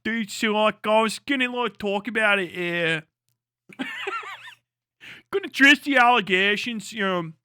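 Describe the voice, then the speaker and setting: A brash, drawling Pittsburgh dude, as a man puts him on at full volume. The voice is high-ish and bright, and the recording is close and dry. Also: wildly swooping pitch, slow, long pauses, smooth, dry recording, heavily acted. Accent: put-on Pittsburgh. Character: loud Pittsburgh-style male YouTuber.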